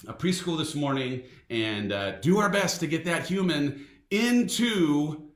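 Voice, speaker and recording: Animated playful man in an echoey room. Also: on the high side, measured pace. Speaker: vlog host and first-time author. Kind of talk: casual vlog chat.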